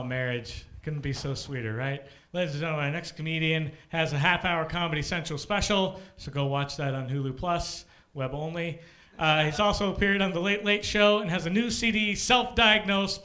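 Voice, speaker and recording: A man emceeing a comedy show on a club stage, loudly announcing the next comedian. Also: a little high. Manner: loud, announcer-like. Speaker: host, emcee. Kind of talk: introducing comedians.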